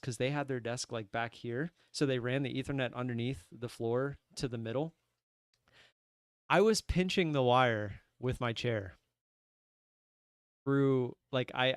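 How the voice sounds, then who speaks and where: A young man telling a rambling, animated story on his trading livestream from his desk at home. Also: medium pitch, smooth, no room sound, studio quality. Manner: animated, rambling, many restarts and "I'm like". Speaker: livestream day trader. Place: home room at a computer desk.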